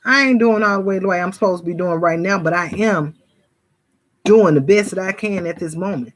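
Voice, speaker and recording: A woman's voice: lowish voice, fairly quick. Fervent woman preaching to y'all. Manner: fervent, addresses viewers as y'all, mimics gossip. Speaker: spiritual vlogger. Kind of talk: casual preaching monologue to viewers.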